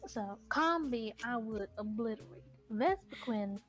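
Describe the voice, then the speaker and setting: A woman's voice: on the high side, animated, a little slow, soft background music. Playful, self-mocking woman guest. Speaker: guest co-streamer. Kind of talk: casual stream chat.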